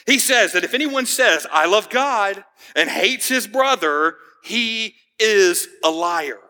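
A man's voice: high-pitched, expressive, slow pace, pushed and bright. A man preaching a sermon as pastor, earnest and emphatic, asking the congregation pointed questions. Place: church sanctuary. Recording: hall reverb.

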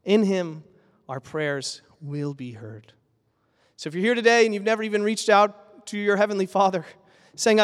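A pastor preaching a sermon in an earnest, emphatic way, building with repeated phrases. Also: male voice, high voice, moderate pace, big-room sound.

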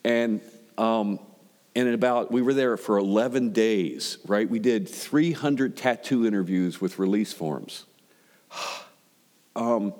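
A male preacher delivers a sermon in a relaxed storytelling manner and stacks up rhetorical questions. His voice sits low. Long reverb rings behind him, as in a large hall. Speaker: pastor.

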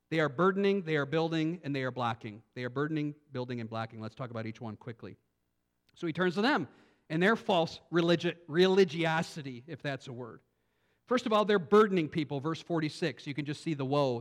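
A male pastor preaching a sermon, animated, swinging from quiet thinking-aloud asides to loud emphatic lines. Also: medium pitch. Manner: repeats words and restarts as he thinks aloud.

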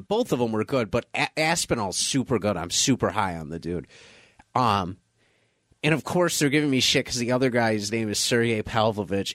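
Casual podcast co-host, man, mid-pitch, animated storyteller, dry close sound. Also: dry recording. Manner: animated storytelling, acting out friends' voices. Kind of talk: casual chat.

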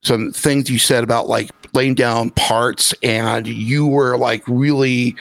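Halting man interviewer with a gravelly voice. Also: mid-range voice, fairly even intonation, a bit bright. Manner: halting, many fillers and restarts. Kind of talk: casual interview.

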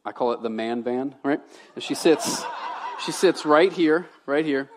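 A man in his thirties, a pastor from Louisiana, preaching a sermon in a conversational way, shifting between loud emphasis and quiet asides. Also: medium pitch, measured pace, background noise.

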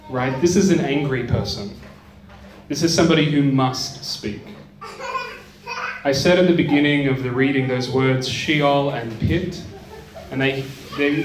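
A man gives a conversational teaching talk on a psalm, often checking in with his listeners. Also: mid-range voice. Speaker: lecturer on the Psalms. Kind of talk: teaching talk with scripture reading. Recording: echoey room, mic at a distance.

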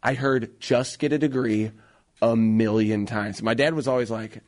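A man in his thirties co-hosting a radio talk show, earnest and excitable, with slangy casual chat in a studio. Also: medium pitch, moderate pace. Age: 30s.

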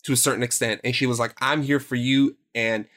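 A man co-hosting a podcast, talking through ideas in casual conversation and pausing to search for his words. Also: mid-range voice, fairly even intonation, a bit bright. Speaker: podcast co-host.

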